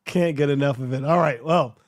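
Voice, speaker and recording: A man with a slightly high voice hosts a casual sports podcast. He moves the talk along, sets up each topic and hands questions to his co-hosts. He laughs easily between segments. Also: a little fast. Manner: laughs easily, steers the conversation. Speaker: podcast host.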